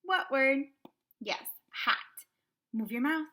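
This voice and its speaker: A woman teaching kindergarten phonics online, sounding out words slowly and clearly with cheerful prompts. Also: high-pitched, expressive, pushed and bright.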